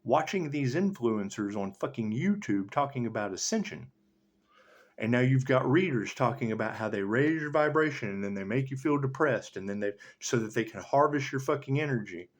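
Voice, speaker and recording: With lively intonation and a moderate pace, a man working as a tarot reader rambles through a spiritual monologue. He curses nonstop, laughs a lot, and lurches from loud outbursts to low mutters.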